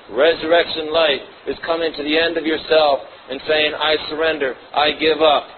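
A man's voice: a little high, little pitch movement, moderate pace, hardly any pauses. A man preaching a sermon, reading scripture aloud and then explaining it with personal asides. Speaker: pastor. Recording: muffled phone-like audio, faint hiss.

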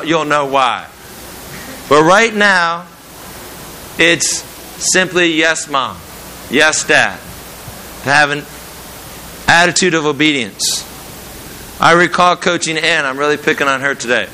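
A middle-aged man delivers a sermon, earnest and measured, leaning on repetition to drive each point home. His voice is very bright and sits a little high. A faint hiss runs under the recording. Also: rough recording. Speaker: preacher.

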